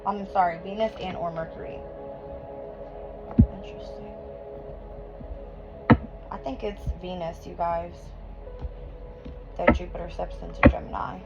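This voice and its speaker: A woman giving a live tarot reading to her viewers, emotional and quick to swear and laugh, hot and sweating in a room at home. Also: on the low side, steady tone, gravelly. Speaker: tarot reader. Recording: dull lo-fi recording with music behind.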